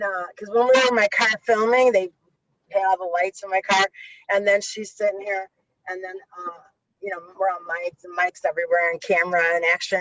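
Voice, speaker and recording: A woman's voice: medium pitch, fairly bright tone, dry recording, highs cut off. A middle-aged woman telling stories in an interview, swearing freely and acting out the voices of people she quotes. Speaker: guest, violence interrupter. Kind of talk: animated storytelling interview.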